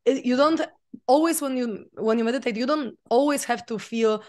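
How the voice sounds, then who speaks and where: A woman's voice: a little high, normal speed, a little mellow. A woman, a podcast guest telling a personal story in a chatty way, full of fillers. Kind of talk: casual interview storytelling.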